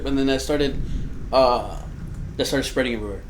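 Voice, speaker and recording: A man's voice: medium pitch, normal speed, a little hiss or hum. A young man from Florida with a Miami accent, co-hosting a casual podcast chat and rambling through what he reads aloud. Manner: rambling, reads aloud and slips into mock voices. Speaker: podcast co-host.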